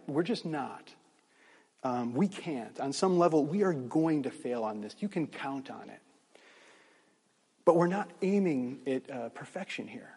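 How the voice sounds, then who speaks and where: A man's voice: mid-range voice, vocal fry, warm tone, breathy edge, long reverb tail. A middle-aged man preaching earnestly as a pastor, restarting phrases, then closing in prayer. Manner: earnest, emphatic, with frequent restarts and fillers.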